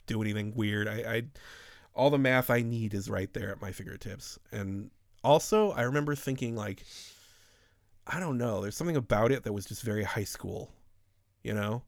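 Man, 30s, podcast host, slightly low voice, rambling and profane, dry close mic. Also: no room sound. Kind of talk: casual chat.

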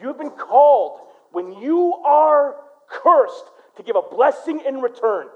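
A male pastor from Michigan preaching a sermon, swinging between loud, punchy lines and quiet storytelling. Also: very high-pitched, big pitch swings, takes it slowly, phone-quality sound.

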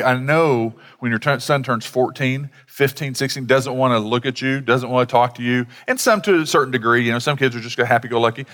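A middle-aged man gives a casual, story-driven sermon, stumbling over fillers and restarting his thoughts. His mid-pitched voice carries a long reverb tail, as if he is in a big church sanctuary. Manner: conversational, animated storytelling with many fillers. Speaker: pastor.

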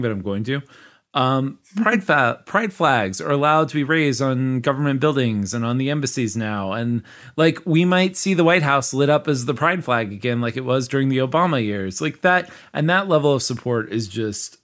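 A man's voice: mid-range voice, a bit bright. A man in his thirties co-hosting a podcast in casual, emotional chat, full of fillers and restarts. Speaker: podcast co-host.

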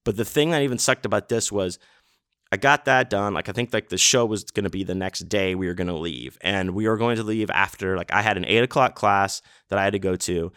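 A man's voice: fairly low pitch, fairly quick, fairly bright tone, clean tone, dry recording, clean studio sound. A man hosting his podcast, telling a rambling story casually with lots of fillers and swearing. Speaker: podcast host. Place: home setup in a city apartment.

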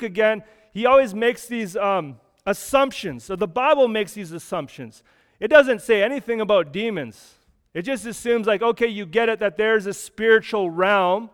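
A man's voice: high-pitched, big-room sound. A man preaching a sermon as a pastor, explaining scripture in a conversational way with frequent restarts.

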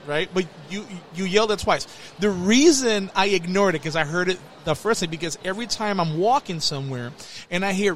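Male podcast host: high voice, very expressive, storytelling, laughs easily. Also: a little hiss or hum. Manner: animated storyteller, laughs often. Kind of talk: casual chat.

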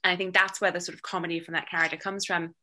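A young woman with a British accent talks casually and with energy about her work. Her voice is bright and forceful, and she slips into quick impressions of the people she quotes. She swears now and then without slowing down. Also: on the low side, little pitch movement, a little hiss or hum. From Britain. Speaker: guest, burlesque performer and actor. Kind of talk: casual interview chat.

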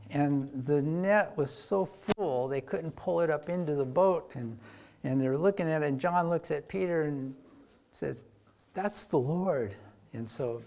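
Speaking at a medium pitch, a preacher retells a Bible story in a conversational sermon. He raises his volume to stress points, then sinks back to a soft, quiet delivery.

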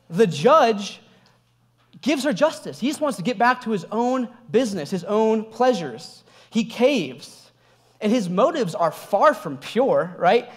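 High-voiced man preaching conversationally. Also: unhurried. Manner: conversational, animated storytelling with laughs. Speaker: pastor. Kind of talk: sermon with personal story.

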